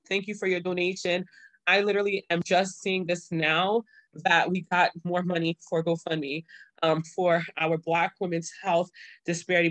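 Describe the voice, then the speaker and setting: A woman's voice: fairly low pitch, fairly bright tone, no echo. A young woman hosting her own livestream show, talking casually and earnestly to viewers, pleading and then overjoyed. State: pregnant. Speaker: show host.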